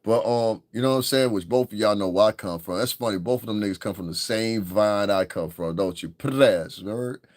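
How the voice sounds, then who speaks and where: A man's voice: lowish voice, brisk, hardly any pauses, a little mellow, no room sound. A man hosting his own podcast, talking in a blunt, profane, rambling commentary. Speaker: podcast host. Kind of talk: casual commentary monologue.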